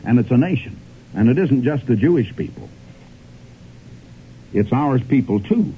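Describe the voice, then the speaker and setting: A man's voice: medium pitch, animated, normal speed, long pauses, slight background noise. A man preaching an old radio sermon in an emphatic, swooping cadence, often calling out to his friends. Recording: tinny old radio broadcast.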